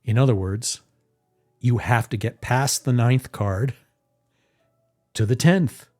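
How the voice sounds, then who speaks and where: A man rambles through a casual live-stream chat in a middle-pitched voice, restarting his sentences and acting out his own reactions as he talks. Faint music plays underneath. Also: slow pace, a little mellow. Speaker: tarot deck artist hosting a live stream.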